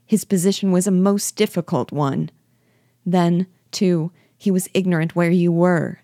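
A woman's voice: on the low side, steady tone, unhurried, warm tone, no room sound, studio quality. A woman reading aloud voices a young bride, raising her voice into breathless, emotional exclamations. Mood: explaining.

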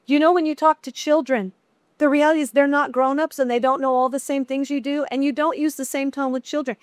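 A chatty middle-aged woman leading a women's Bible study, talking to the group like friends. Her voice sits high, and the recording is dry and close with no room sound. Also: a little fast, dry recording. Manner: chatty, conversational, animated asides.

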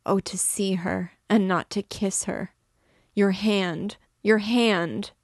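A woman's voice: fairly low pitch, steady tone, slow pace, no echo, studio quality. A woman reading aloud voices a frantic, grieving old recluse who cries out and pleads in a raised, desperate voice. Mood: ecstatic crying.

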